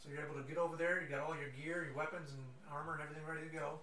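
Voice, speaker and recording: Casting: a man running a tabletop game, a rambling narrator pitched a bit high, recorded in an echoey room. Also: level tone, racing, bright, forceful tone. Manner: rambling with fillers and restarts. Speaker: game master. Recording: echoey room from far off with faint noise.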